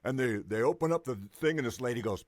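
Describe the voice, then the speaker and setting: A man's voice: mid-range voice, expressive, fast, dry recording, clean studio sound, lightly acted. A man voicing a goofy male show host who tells corny jokes and laughs at them. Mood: jokey. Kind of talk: comedy double act.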